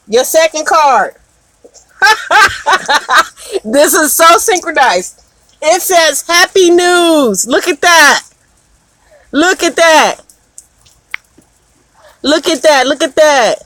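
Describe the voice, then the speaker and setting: A woman with a high, bright-pitched voice speaks straight to a viewer during a live oracle card reading. She repeats herself with emphasis and laughs often. The sound is dry, with no room echo. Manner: emphatic and repetitive, with frequent laughs. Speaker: card reader.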